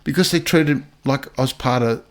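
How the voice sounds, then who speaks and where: An older man with an Australian accent, a retired police officer telling stories in a casual interview, often repeating words as he goes. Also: medium pitch. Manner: halting, repeats words as he talks.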